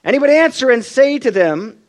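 A man's voice: very high voice, brisk. A man preaching a sermon, telling stories and acting out the people he quotes. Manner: expressive storytelling, acts out quoted voices.

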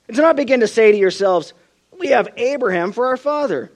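Lively high-voiced preacher. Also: male voice, fairly quick. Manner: expressive storytelling, acts out quoted voices. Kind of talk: sermon.

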